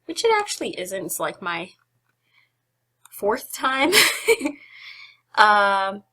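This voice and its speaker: Taking things slowly, a young photography tutorial host walks through casual software steps in a bright, clear, mid-range voice with big pitch swings. She's slightly breathless, giggles and chats a lot, and teases herself between steps.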